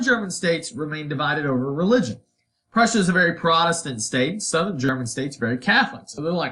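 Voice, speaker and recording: A man's voice: on the high side, very animated, quick pace, sharp tone, slight background noise. A man teaching a history lesson in a casual, conversational way, tossing in playful asides and putting on voices for quotes. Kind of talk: recorded history lecture.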